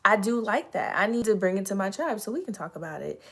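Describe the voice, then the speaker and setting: A woman hosting a casual motivational livestream, chatty and earnest, slightly hoarse, greeting viewers by name as she talks. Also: medium pitch, sing-song, fast, fairly bright tone. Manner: earnest, encouraging, addresses audience as y'all. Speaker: livestream host.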